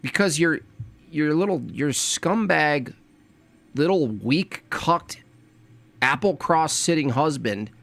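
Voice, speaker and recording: A man hosting a reaction commentary, scornful and preachy, jumping from loud jabs to low mutters. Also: lively intonation, slow pace. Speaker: commentary host.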